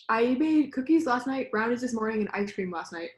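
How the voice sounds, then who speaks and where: A young woman in her twenties co-hosts a casual mukbang, chatting while eating in a fairly high, lively, unhurried voice that sounds reverberant. She swears freely and fills her speech with "like."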